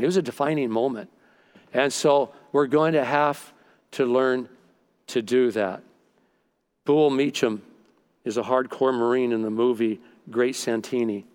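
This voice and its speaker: A middle-aged male pastor preaching a sermon. He tells stories and acts out what people said. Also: mid-range voice. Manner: storytelling, acts out quoted dialogue.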